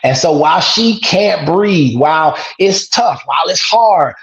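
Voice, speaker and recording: A man's voice: on the high side, big pitch swings, a little slow, hardly any pauses, reverberant, rough recording. A man, a father of two daughters, talking earnestly as a podcast guest and acting out the call-and-response phrases he repeats with his kids. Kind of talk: casual interview talk.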